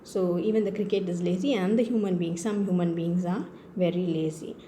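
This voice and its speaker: A woman's voice: lowish voice, fairly even intonation, fairly quick, dark tone, a little hiss or hum. A woman teacher with an Indian English accent, patiently explaining a poem's literary devices and often checking that the children understand. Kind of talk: classroom lesson on poetry.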